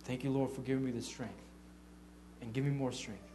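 A man giving an informal testimony sermon as a church leader, telling animated stories and acting out what people said, with frequent stammered restarts. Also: mid-range voice, fairly quick, slight background noise. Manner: animated storytelling, acting out quotes.

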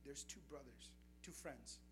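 A man's voice: mid-range voice, unhurried, over music. A young adult man preaching a sermon, telling testimonies in an earnest storytelling way. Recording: noisy recording with steady background noise.

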